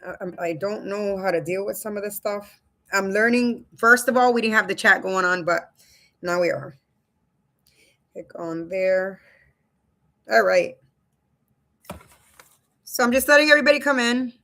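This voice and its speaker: A woman's voice: medium pitch, unhurried, pauses often, bright, forceful tone. A woman in her thirties or forties hosting a casual live stream from home on a webcam, chatty and loose, often calling her viewers "you guys.". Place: home room.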